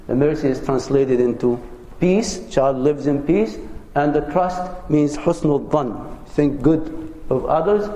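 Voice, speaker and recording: A man's voice: medium pitch, mellow. A man giving an earnest, conversational lecture as a religious teacher, sharing personal anecdotes with his audience. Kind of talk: lecture on parenting. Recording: roomy hall with long reverb.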